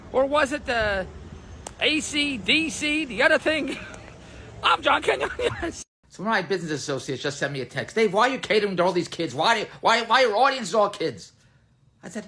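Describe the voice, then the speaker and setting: Animated older man telling jokes. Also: high voice, background noise. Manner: animated, mock-outraged joke telling with laughs. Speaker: comedian. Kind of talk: comic monologue.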